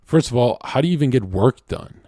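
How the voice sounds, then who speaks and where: A man rants to his livestream chat in a brash, profane way. He jumps from shouting to near-whispered asides. The sound is dry and close, with no room echo. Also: expressive, a little fast. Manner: brash, profane, swings from loud shouting to low murmuring. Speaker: streamer.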